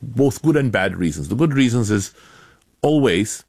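A man, an author and academic, answering interview questions in a measured, explanatory way with bursts of emphasis. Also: medium pitch, animated, a little mellow, slightly rough, no echo, studio quality.

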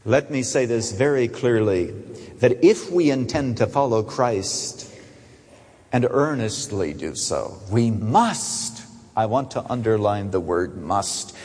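A man preaching a sermon with animated delivery, swinging from soaring emphasis to hushed, low asides. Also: slow pace, breathy edge. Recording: long echo of a large hall.

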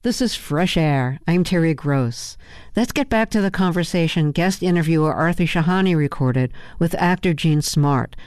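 A woman radio host reading a measured, scripted introduction. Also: low-pitched, animated, a little mellow, clear, resonant tone, no room sound, clean studio sound. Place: studio.

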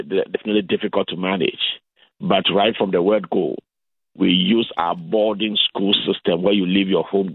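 A man from Ghana with a Ghanaian accent, calling in as a guest on a radio interview and explaining things in a measured way. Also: deep voice, husky, no echo. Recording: phone-line sound.

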